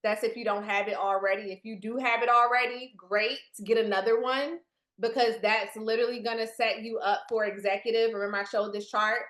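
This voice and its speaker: In an echoey room, a woman with a slightly high, fairly even voice leads a video-call business training for new team members. She talks fairly quickly with a somewhat bright tone, chatty and addressing her listeners directly.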